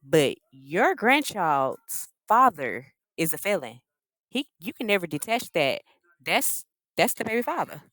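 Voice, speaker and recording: A woman's voice: lowish voice, big pitch swings, unhurried, fairly bright tone, no echo. A woman hosting a casual reality TV recap, gossipy and slangy, acting out what the cast said. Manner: gossipy, slangy, acts out the cast's lines.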